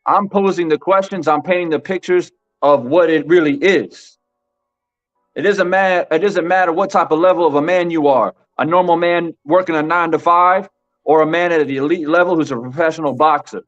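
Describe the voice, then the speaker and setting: A man with a slightly high, fairly bright voice keeps a steady tone and moderate pace while hosting a boxing commentary stream. He addresses his chat emphatically, repeats his points, and leans on "bro," all in dull lo-fi audio with faint music behind.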